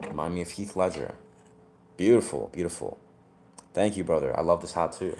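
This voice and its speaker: A man talking casually to camera about his hat and music, rambling and laid-back, often pausing to search for words. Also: low-pitched, darkish tone, slight background noise.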